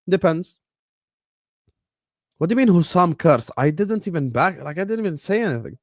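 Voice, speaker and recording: A young man talks casually on a live football stream at an ordinary middle pitch. He rambles and jokes with slang and the odd swear word, and his level swings between soft mock-sad murmurs and loud outbursts at the match. The sound is close and dry. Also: lively intonation, fairly quick, no echo. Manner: drops to low mock-sad mumbles, then loud bursts at match action. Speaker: streamer hosting a football watchalong.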